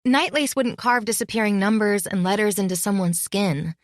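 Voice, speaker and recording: A woman reading a novel as an audiobook narrator in a measured, close style. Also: mid-range voice, no room sound. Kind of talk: scripted narration.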